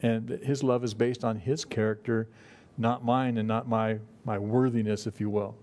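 A middle-aged man teaching a Bible study in a relaxed, folksy way, with frequent fillers and restarts. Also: fairly low pitch, moderate pace. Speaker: pastor.

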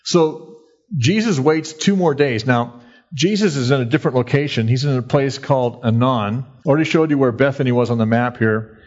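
A man's voice: medium pitch, moderate pace, a little mellow, dull audio. A man preaching a sermon in a conversational, folksy way, acting out quoted voices by raising his voice. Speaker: pastor.

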